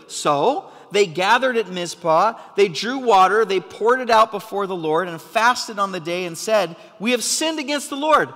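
Male pastor, fervent sermon delivery, bright and forceful, big church reverb. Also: high voice, animated, normal speed, few pauses. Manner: passionate, sometimes yelling for emphasis. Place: church hall.

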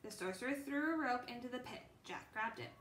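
A woman's voice: fairly high pitch, animated, fairly quick, a bit bright. Woman reading a children's book aloud. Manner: unrehearsed reading with small stumbles and restarts. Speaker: reader. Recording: echoey room, faint background noise.

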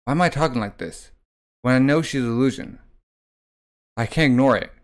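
A man's voice: medium pitch, brisk, natural voice. A man voicing a driven young prince bent on revenge, earnest and troubled.

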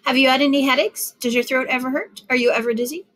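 Woman reading male doctor, brisk, matter-of-fact, clinical questions, audiobook reading. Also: sits high, steady tone, fairly bright tone, pitched above the performer's own voice.

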